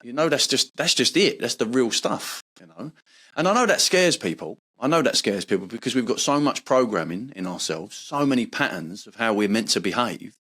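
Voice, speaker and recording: An earnest, passionate man speaking as a podcast guest. His voice moves up and down a great deal, at a middling pitch for a man. He swears casually as he makes his points. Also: very animated, normal speed, fairly bright tone. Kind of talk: casual conversation.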